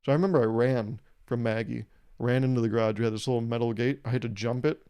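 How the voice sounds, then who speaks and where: A man's voice: mid-range voice, fairly even intonation, fast talker, dark tone, clean tone. A young man hosting a podcast, rambling through a wry comedic monologue and swearing casually. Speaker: podcast host.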